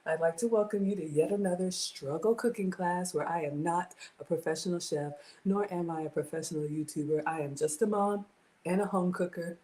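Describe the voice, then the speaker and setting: A woman's voice: fairly low pitch, brisk, warm tone. A woman in her forties hosting a casual home cooking livestream from her kitchen, chatty and greeting viewers by name.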